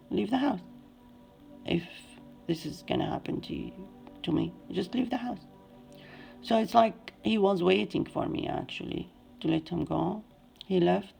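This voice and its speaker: A woman in her forties with an Arabic accent, a native Arabic speaker, telling her own story in plain, halting English. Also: fairly low pitch, gravelly, dark tone, slightly rough. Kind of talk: personal testimony.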